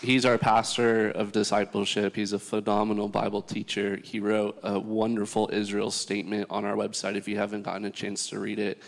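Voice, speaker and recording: A man hosting a church panel in a relaxed, easygoing way, often pausing on fillers. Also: on the low side, creaky, big-room sound, slight background noise. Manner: easygoing, filler-heavy, laughing. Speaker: church host leading a panel.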